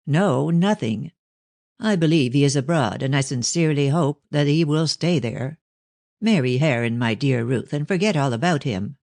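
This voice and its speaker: A man voicing a stern, guarded older Victorian father who speaks in a measured, ironic way in an audiobook. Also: on the high side, lively intonation, vocal fry, darkish tone, dry recording, studio quality. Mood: fond. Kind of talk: audiobook reading of a novel.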